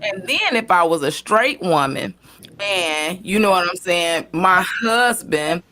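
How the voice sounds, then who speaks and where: A woman's voice: on the low side, animated, slow, bright, forceful tone. A woman hosting a casual panel talk, rambling with many fillers and restarts.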